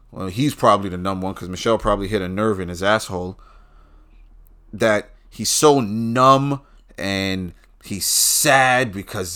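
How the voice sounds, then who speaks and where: A man delivering a profane political rant, swinging between low muttering and loud outbursts.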